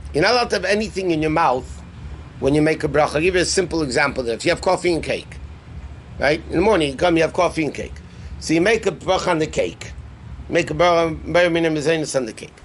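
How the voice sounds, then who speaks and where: A rabbi teaching a live class on Jewish law, explaining terms conversationally and asking the class questions. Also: male voice, high-pitched, a bit bright. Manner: answers student questions.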